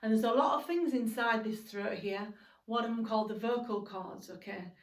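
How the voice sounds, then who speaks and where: A woman teaching a singing lesson to young children, encouraging and speaking slowly and clearly. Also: fairly high pitch. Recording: roomy sound from a distance, music behind.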